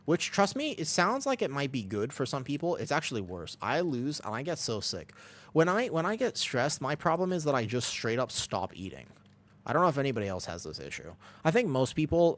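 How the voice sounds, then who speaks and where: A young man chats casually on a game stream, rambling from one thought to the next as he answers his viewers. His mid-pitched voice swings widely up and down, and keyboard typing clicks behind him. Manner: rambling, animated, reads chat and answers. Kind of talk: casual chat while gaming.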